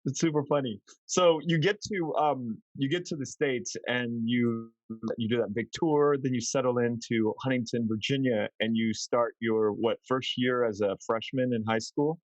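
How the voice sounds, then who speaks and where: A man's voice: medium pitch, moderate pace, hardly any pauses, no room sound, lo-fi sound. A man hosting a podcast, asking long, rambling questions in a casual way. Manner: rambling, loosely built questions. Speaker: podcast host. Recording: dry close mic.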